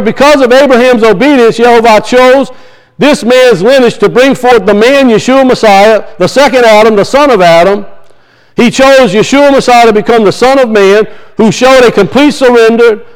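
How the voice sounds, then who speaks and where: A middle-aged male pastor with a notably high-pitched voice delivers a sermon. He keeps pressing the congregation with rhetorical questions, building and releasing emphasis as he preaches. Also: clean tone, poor audio.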